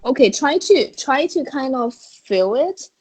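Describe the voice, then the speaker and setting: Slow breathy lady tutor, patient, goes over tones one by one on a video call. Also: sits high, lively intonation, darkish tone, low-quality recording. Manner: patient, demonstrates tones slowly and explains with gestures. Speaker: Chinese teacher. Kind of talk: online tone lesson.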